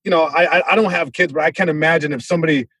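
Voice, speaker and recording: Male comic on a podcast, slightly high voice, acts out voices as he tells stories, dry mic. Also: very fast, slightly rough, no room sound. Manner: animated, acts out voices, many restarts. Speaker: comedian guest. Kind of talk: casual storytelling chat.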